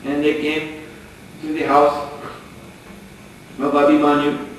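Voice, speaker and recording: A man gives a storytelling sermon, chuckling often as he narrates. His voice is a little high for a man. He sounds distant in a very echoey hall, with a faint hiss behind. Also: completely flat delivery, slow pace. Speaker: lecturer. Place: lecture hall.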